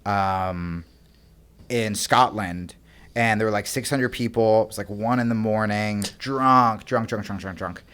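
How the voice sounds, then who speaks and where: A man's voice: fairly low pitch, measured pace, clear, resonant tone. A young adult man from the United States, a comedian guest telling rambling, profane stories full of fillers in casual chat. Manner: rambling, profane, animated anecdotes with many fillers.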